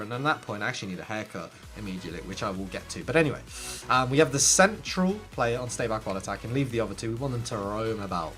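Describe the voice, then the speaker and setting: Man giving lively gaming tips. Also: mid-range voice, fast talker, faint music behind. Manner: animated, addresses viewers directly. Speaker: gaming content creator. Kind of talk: casual tips talk to camera.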